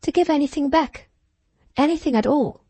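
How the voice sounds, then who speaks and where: A woman reading the part of a poised, shrewd upper-class Victorian hostess, with measured, drawn-out phrasing. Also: high-pitched, warm tone, no echo, pitched above the performer's own voice, natural voice. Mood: knowing.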